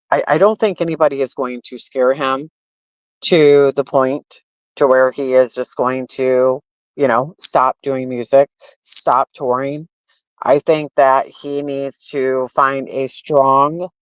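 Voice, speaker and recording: A commentary streamer with an extremely low-pitched voice rants casually about her opinions, speaking straight to her viewers. She's blunt, swears a lot, and fills her talk with fillers. The stream audio is dull and lo-fi, with no echo.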